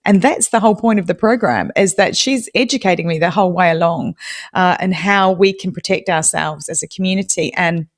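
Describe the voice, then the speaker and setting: A woman with a New Zealand accent chats as a guest on a live audio show. Her voice sits fairly low, and she talks in a bubbly, self-mocking way, often breaking into laughter. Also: a little fast. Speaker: podcast guest.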